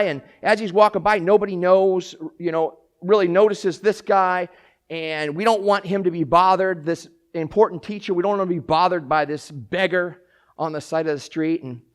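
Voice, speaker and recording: At a moderate pace, a male pastor preaches an animated sermon in a high voice that leaps between quiet, hushed remarks and near-shouts. He frequently repeats and restarts phrases and acts out whatever he quotes.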